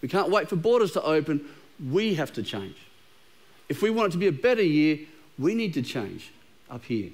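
Casting: man, middle-aged, high voice, easygoing preacher who jokes and trips over words. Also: very animated, normal speed. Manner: conversational and humorous, with frequent repeated words. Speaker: pastor. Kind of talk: sermon. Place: church auditorium with a live congregation.

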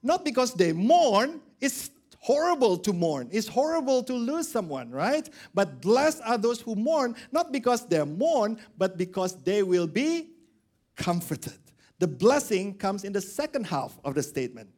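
A man's voice: high voice, unhurried. A male pastor preaching a sermon, acting out the characters of a parable. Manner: animated, acts out characters.

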